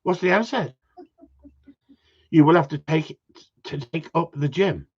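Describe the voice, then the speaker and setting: A middle-aged man with a husky voice, chatting bluntly on a live stream with sweary, self-mocking banter. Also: a little high, measured pace. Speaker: dog trainer livestreaming. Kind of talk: casual live-stream chat. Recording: dull lo-fi livestream audio.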